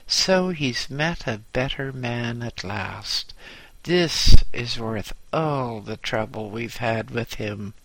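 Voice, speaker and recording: A man doing a loud, jovial French policeman. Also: mid-range voice, slow, dry recording, poor audio. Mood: roaring amused. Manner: loud, roaring laughter. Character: jovial gruff male French policeman, middle-aged.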